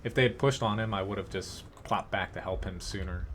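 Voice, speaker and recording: A man's voice: fairly low pitch, a little fast, a bit bright, slight background noise. A man casually commentating his own live gameplay and chatting to viewers, thinking aloud with fillers and short chuckles. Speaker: game streamer.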